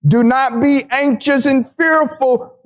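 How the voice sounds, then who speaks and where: A man with a very high voice preaches a sermon. He repeats his points for emphasis and slows down to draw out each line of scripture. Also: steady tone. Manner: emphatic, repeating phrases, slowing down to stress scripture.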